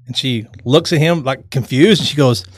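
Loud joking man, dry close sound. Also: mid-range voice, moderate pace, no echo. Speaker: co-host. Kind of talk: casual radio-style chat.

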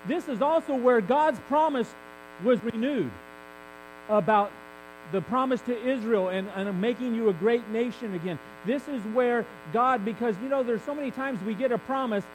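Man, high voice, candid conversational preacher, faint mains hum behind. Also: normal speed, rough recording. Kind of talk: sermon.

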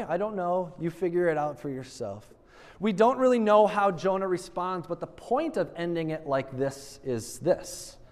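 Brief: animated male preacher, high voice, rhetorical questions, long hall reverb. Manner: animated storytelling, asking the audience rhetorical questions. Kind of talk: sermon.

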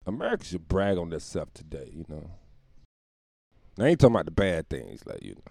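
Gravelly, animated man doing a comedy rant. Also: deep voice, fairly quick, no room sound, clean studio sound. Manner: profane, rambling, self-mocking, laughs often. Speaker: podcast host. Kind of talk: comedic solo monologue.

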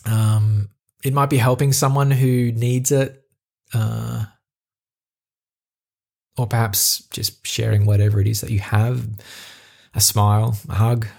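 A man with an Australian accent hosting a reflective solo podcast, talking in an earnest, halting way with many fillers and restarts. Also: fairly low pitch, little pitch movement, vocal fry, darkish tone. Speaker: podcast host.

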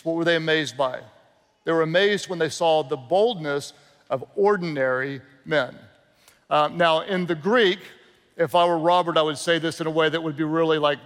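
A man from the American South with a Southern accent, preaching a sermon as a guest pastor in an energetic, humorous storytelling way, calling out to the crowd. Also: sits high. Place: large church auditorium. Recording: long reverb of a big hall.

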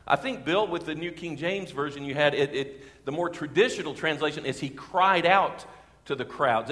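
A male pastor preaching in a church sanctuary with a long, ringing reverb behind him. His voice sits a bit higher than most men's, and he swells into forceful emphasis on the lines he wants to land. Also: normal speed. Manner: emphatic, swelling for key phrases. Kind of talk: sermon.

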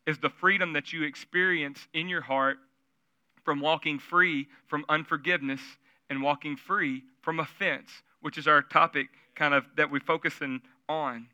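A man's voice: fairly high pitch, steady tone, normal speed, bright, forceful tone, clean tone, no echo, dull audio. A man preaching a sermon at a church service, telling stories in a conversational way and asking the audience questions. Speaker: pastor.

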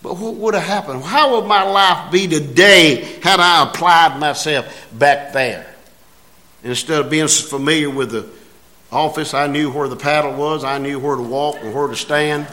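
A man's voice: on the high side, normal speed, bright, forceful tone. A man preaching a sermon in a folksy way, building to emphatic passages.

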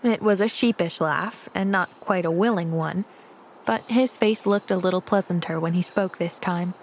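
A woman narrating a children's classic as an audiobook, with gentle, measured storytelling. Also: fairly low pitch.

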